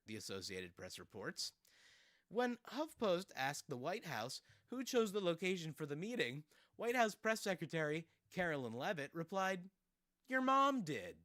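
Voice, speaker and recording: A man's voice: a little high, a bit bright, no room sound, studio quality. A man hosting casual commentary, sarcastic and rambling with fillers and laughs. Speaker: streamer host.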